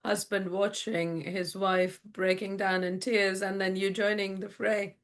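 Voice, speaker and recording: A woman interviewing a guest, adding gentle follow-up remarks in conversation. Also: mid-range voice, flat delivery, unhurried.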